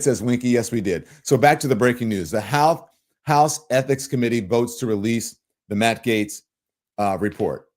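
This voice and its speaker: Animated Southern man hosting a livestream. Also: moderate pace. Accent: Southern US, Louisiana. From Louisiana. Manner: animated, swooping pitch, emphatic. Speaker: show host. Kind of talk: livestream commentary reading viewer comments.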